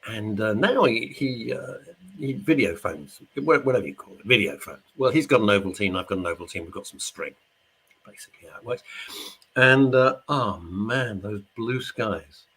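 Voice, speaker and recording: Man, middle-aged, radio host, chatty, rambling, lively pitch, slightly husky. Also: moderate pace. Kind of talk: casual chat reading listener messages. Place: studio.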